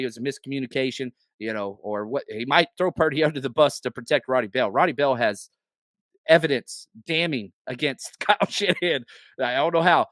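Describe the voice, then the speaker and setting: A man's voice: fairly high pitch, fairly bright tone, no room sound, clean studio sound. A man hosting a live sports podcast, ranting bluntly and heatedly, swearing and stammering when worked up. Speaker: podcast host.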